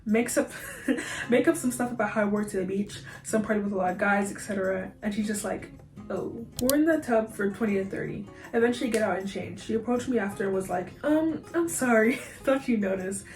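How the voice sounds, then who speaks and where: A woman's voice: medium pitch, fast. Slangy young woman in an echoey room. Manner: slangy, laughs often, animated reactions. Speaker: YouTuber. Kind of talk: reading online posts aloud with reactions. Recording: roomy echo, faint music.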